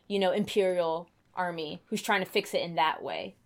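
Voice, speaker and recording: A woman's voice: fairly low pitch, moderate pace. A woman in casual chat about video games, chatty and rambling, with many fillers and restarts.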